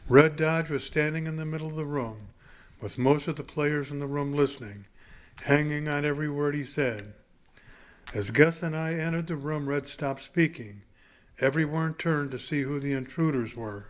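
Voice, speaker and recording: A man reading a novel chapter aloud in a plain, unhurried way. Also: a little high. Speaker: audiobook reader.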